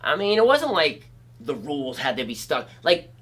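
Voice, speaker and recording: A man from Pennsylvania tells stories from his skating days in a skate shop. His voice is bright and swings widely in pitch. He acts out the other people in his tales with vivid, animated energy. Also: moderate pace, husky. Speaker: guest, former pro skateboarder. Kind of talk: casual storytelling.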